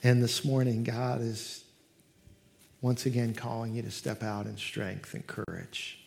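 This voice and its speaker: A man preaching a sermon as pastor at a church service, telling stories with lively quoted voices. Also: medium pitch, unhurried, vocal fry, a little hiss or hum. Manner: animated storytelling, acts out quoted voices.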